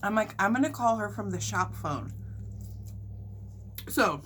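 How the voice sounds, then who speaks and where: A young woman vlogger telling a story to her viewers in a casual, animated and indignant way. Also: medium pitch, a little slow, background noise. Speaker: mukbang vlogger.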